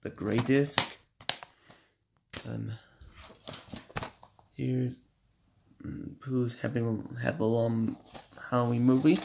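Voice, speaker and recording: A man at home walks through his DVD collection, stumbling over titles and reading out running times. His delivery is slow, with a gravelly, fried edge. The camera mic picks up faint background noise. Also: mid-range voice, fairly even intonation. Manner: shouts at noisy kids, then apologizes. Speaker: collector showing his DVDs. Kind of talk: casual home video show-and-tell.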